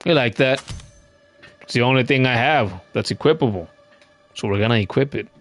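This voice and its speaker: Male streamer, mid-pitched and casual, wry with chat, trips over his first words, faint music behind. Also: a little fast. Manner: playful, wry, talks to chat; repeats words when starting a thought. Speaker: game streamer. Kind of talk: casual live-stream gaming commentary.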